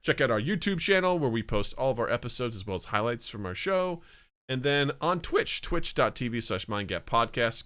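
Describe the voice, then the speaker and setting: A man with a bright, crisp and clear voice, co-hosting a casual podcast. He is upbeat and easygoing as he runs through recommendations and plugs. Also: medium pitch, big pitch swings, brisk. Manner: upbeat, plugging shows and socials. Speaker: podcast co-host.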